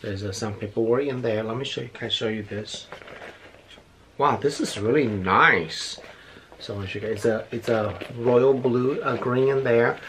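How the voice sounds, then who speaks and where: A middle-aged male beauty vlogger chats effusively while unboxing gifts, a little out of breath, gushing and repeating himself. His mid-range voice moves at a normal speed with a fairly bright tone. There's slight background noise.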